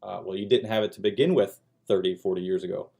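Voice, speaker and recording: A man's voice: deep voice, fairly even intonation, fast talker, vocal fry, dark tone. A man hosting a podcast, chatting casually and telling a rambling story with acted-out bits of dialogue. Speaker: podcast host. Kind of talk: casual chat.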